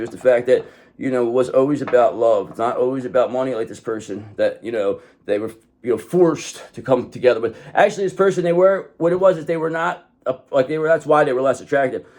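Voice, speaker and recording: A man's voice: medium pitch, a little mellow. Rambling man giving a casual tarot reading. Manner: rambling, often says "okay"; swears freely. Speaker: tarot reader.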